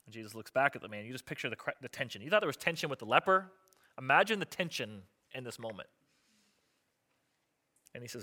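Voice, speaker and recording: A man's voice: medium pitch, lively intonation, fast, pauses often, pushed and bright. A man, a pastor, preaching a sermon in a conversational, joking way, acting out the voices of people in the story.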